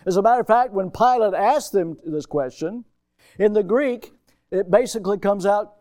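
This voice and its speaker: A man preaching a sermon as pastor, emphatic, swinging between loud and soft, and calling out to his congregation. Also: sits high, normal speed, no echo. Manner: calls out to the congregation.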